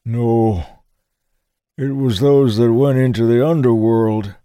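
A worn-out, toothless old man, voiced by a male audiobook narrator who slurs his words slowly. His voice sits noticeably higher than the reader's own low tone, and the recording is close and dry. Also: steady tone, dark tone, clear, resonant tone, no room sound, close to an everyday voice. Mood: weary. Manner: slow slurred old man's speech.

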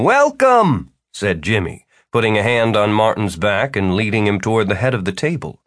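A man reading a story aloud as a narrator, with wry, expressive storytelling. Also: lowish voice, dry recording, studio quality. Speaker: audiobook narrator. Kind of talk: scripted narration.

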